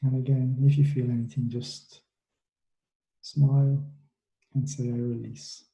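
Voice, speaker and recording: A man leading students through a guided relaxation meditation, giving soft, unhurried instructions with long pauses. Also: medium pitch, flat delivery. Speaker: mindfulness coach for students. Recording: echoey room.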